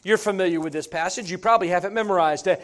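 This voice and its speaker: A man preaching a sermon, telling stories in an animated, folksy way. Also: high voice, rapid-fire. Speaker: pastor.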